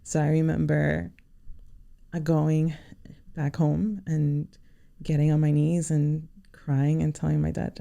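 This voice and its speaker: A woman speaks as a podcast guest in a low, heavily gravelly voice. She tells a personal story sincerely, pausing often and leaning on "you know". The tone is dark and mellow. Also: completely flat delivery. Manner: sincere, halting, many "you know" fillers.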